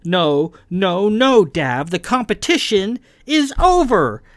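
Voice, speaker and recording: Hot-tempered young woman officer, pitched high and loud, condescending, read by a man in a dry booth. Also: expressive, slow, dry recording, exaggerated voice. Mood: pleading. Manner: condescending, shouting and mocking.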